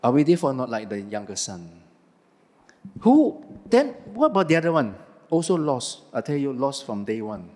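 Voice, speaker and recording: A man's voice: mid-range voice, moderate pace, long reverb tail. A man preaching a sermon, firing questions at the congregation and answering them himself. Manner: animated, asks the audience questions and answers them.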